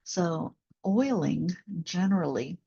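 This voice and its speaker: Low, gravelly-voiced woman speaking slowly. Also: expressive, highs cut off. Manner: gentle, reflective, with many fillers. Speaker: postpartum doula and bodywork instructor. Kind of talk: conversational interview.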